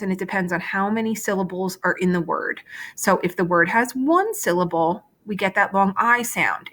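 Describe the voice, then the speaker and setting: A woman's voice: medium pitch, fairly bright tone. A woman teacher giving a remote phonics lesson over shared slides, explaining step by step and often checking in with "okay?".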